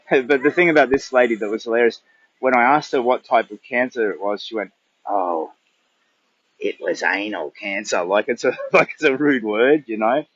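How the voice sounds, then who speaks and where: A man's voice: mid-range voice, fairly quick, a bit bright, husky, no room sound, lo-fi sound. An older man with an Australian accent, chatting in a rambling, casual way on a livestream during a long charity walk. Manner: rambling, chatty, thinks aloud.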